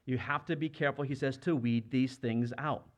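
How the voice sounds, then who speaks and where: A man's voice: mid-range voice, fairly even intonation, moderate pace. A man in his thirties or younger preaching a sermon, earnest and conversational, often asking the congregation questions. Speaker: pastor.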